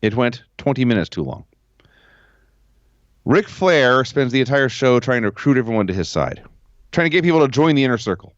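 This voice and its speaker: A man co-hosting a podcast from home, recapping with sarcastic, deadpan asides while his pitch moves around a lot. His voice sits in a middle register. The home recording sounds slightly dull and dry. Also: brisk, pauses often, dry recording. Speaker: podcast co-host. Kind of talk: casual chat.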